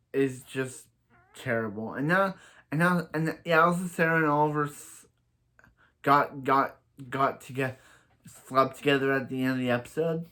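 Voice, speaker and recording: A man's voice: medium pitch, fairly bright tone. A man casually recapping a TV episode as a reviewer, rambling through restarts and giving blunt opinions. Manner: rambling, stumbling over restarts.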